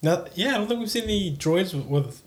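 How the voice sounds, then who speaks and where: A man's voice: sits high, expressive, fairly quick. A man co-hosting a casual chat, making short, dry, teasing remarks. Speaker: podcast co-host.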